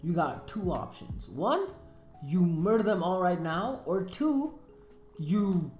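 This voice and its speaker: Brief: a woman doing blunt older village men, flat and low, echoey room. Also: slow pace, faint music behind. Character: blunt male village elders giving orders. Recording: roomy echo.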